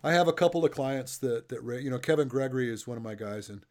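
A middle-aged man hosts an easygoing interview in a voice of ordinary pitch. He is chatty and drifts into his own stories, laughing along with his guest. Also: quick pace, a little mellow. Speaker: interviewer and coach. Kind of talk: casual interview chat.

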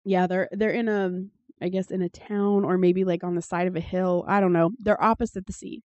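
A woman's voice: fairly low pitch, level tone, brisk, darkish tone, no room sound, lo-fi sound. A woman co-hosting a casual podcast, reading scripture aloud and adding sardonic, profane commentary. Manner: sardonic, swears freely, reads passages aloud with commentary. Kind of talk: casual irreverent chat.

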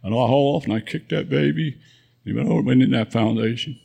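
A man's voice: mid-range voice, quick pace, vocal fry, warm tone, husky. A man in his nineties, a veteran guest, telling rambling war memories with frequent chuckles at a live event. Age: 90s. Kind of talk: spoken war memoir.

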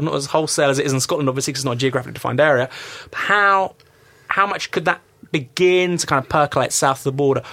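A man's voice: fairly high pitch, gravelly, fairly bright tone, dry recording. A man hosting a radio discussion show, asking long, winding questions full of hedges. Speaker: radio host.

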